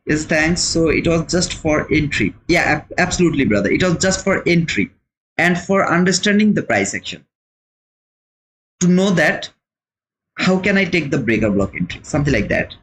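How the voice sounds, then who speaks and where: On a roughly recorded trading livestream, a man with a fairly high, fairly bright voice and lively intonation speaks at normal speed. English isn't his first language; he chats casually, responds to viewer comments, and repeats words a lot.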